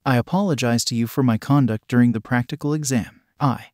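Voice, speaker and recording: A man's voice: mid-range voice, a little fast, darkish tone, no echo, clean studio sound, close to an everyday voice. A man voicing a stiff, formal boy student. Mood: apologetic. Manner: formal, long-winded and polite.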